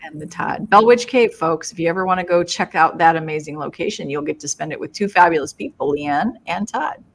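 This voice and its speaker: A bubbly woman co-hosting a live stream, greeting viewers one by one and plugging their shows. Her voice sits a little low for a woman, and her delivery stays cheerful and chatty. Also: fairly quick. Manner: bubbly, upbeat, reads viewer names and plugs. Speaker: co-host of a live paranormal network show. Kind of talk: casual live-stream shout-outs.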